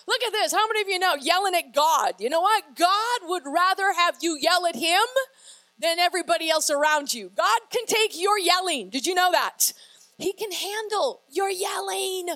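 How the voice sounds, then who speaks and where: A woman pastor preaches with a very high, forceful voice. She is energetic and keeps turning to the congregation with questions. She reads scripture aloud with drama. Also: normal speed, rough recording. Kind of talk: sermon.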